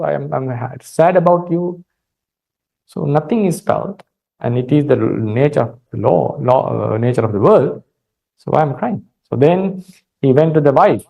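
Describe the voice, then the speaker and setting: A man with a Sri Lankan accent giving a calm Buddhist dharma talk, retelling a story with many fillers and restarts. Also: on the high side, normal speed, gravelly, dull audio. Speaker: Buddhist monk teacher.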